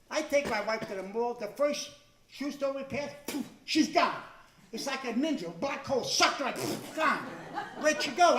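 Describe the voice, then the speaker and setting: A middle-aged man does a stand-up set, telling chatty, self-mocking stories and slipping into little voices. His voice sits very high and sounds bright and forceful. He sounds a little far from the mic, in an echoey club. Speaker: stand-up comedian. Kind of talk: stand-up comedy routine. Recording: echoey stage sound from a distance.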